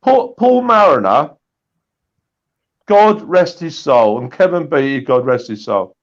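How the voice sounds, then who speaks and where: A man swapping old anecdotes in a casual chat, animated and full of restarts. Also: on the high side, unhurried, dull audio. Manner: animated storytelling with repeated restarts. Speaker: guest storyteller.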